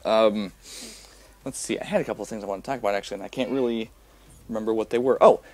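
A man's voice: on the low side, fast talker. A young man giving casual, rambling commentary over a video game, full of fillers and restarts. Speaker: gameplay commentator.

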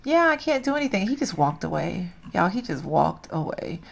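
A woman's voice: on the low side, sing-song, moderate pace, creaky. A woman hosting a let's play, chatting to her viewers as she plays and laughing at herself. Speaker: gaming channel host.

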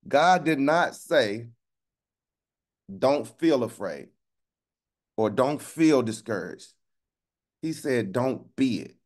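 A man preaching a sermon in a colloquial way, asking "right?" again and again and drawing out key phrases slowly for emphasis. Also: medium pitch, lively intonation. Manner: call-and-response, keeps asking "right?".

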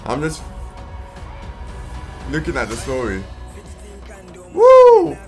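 An excitable man with a London accent reacts out loud, his voice high and bright and swinging widely in pitch. He drawls his words slowly between sudden whoops and shouts, with trailer music playing faintly behind him. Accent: London English. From London, England. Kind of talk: casual live reaction.

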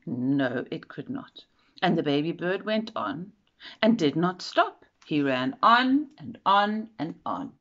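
Woman storyteller for a kids' picture book, unhurried and expressive, muffled low-fi sound. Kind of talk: children's storybook read-aloud. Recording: dull lo-fi recording.

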